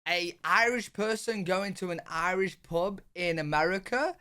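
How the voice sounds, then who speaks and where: A man's voice: high-pitched, unhurried, bright, forceful tone, clean tone. A British man in casual reaction commentary, chatty and saying "bro" and "like" often. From Britain. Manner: chatty, says "bro" and "like" a lot. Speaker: reaction video host.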